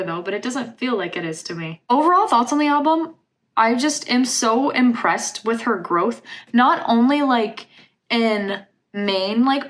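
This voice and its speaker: A woman reviewing an album for her vlog in casual chat, gushing and dropping "like" into almost every sentence. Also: a little high. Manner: gushing, filler-heavy talk with lots of "like". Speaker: music reaction vlogger.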